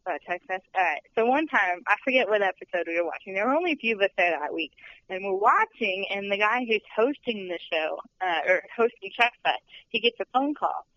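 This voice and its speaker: A woman's voice: mid-range voice, lively intonation, brisk, a bit bright, a little hiss or hum. A young woman who works as a studio tour guide, chatting in a bubbly, giggly way with lots of fillers. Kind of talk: casual interview chat. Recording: dull lo-fi sound.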